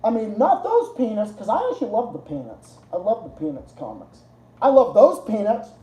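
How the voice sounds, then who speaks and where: A man's voice: high-pitched, huge pitch swings, normal speed, dark tone. A man hosting a casual livestream, rambling and swearing, often laughing at his own jokes. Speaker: livestream host. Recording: roomy echo.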